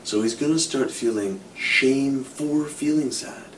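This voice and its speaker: A middle-aged man, a psychologist, explaining ideas through imagined examples. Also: measured pace. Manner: animated explaining with hypothetical examples, frequent "kind of". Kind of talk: explanatory talk to camera. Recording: from a distance, faint low rumble.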